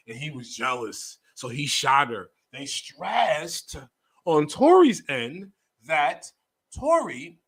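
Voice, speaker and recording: A man hosting a livestream, ranting bluntly about a news story with profanity and repeated phrases, swinging between low muttering and loud outbursts. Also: slightly rough, poor audio. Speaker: livestream host. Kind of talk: opinionated commentary on a news story.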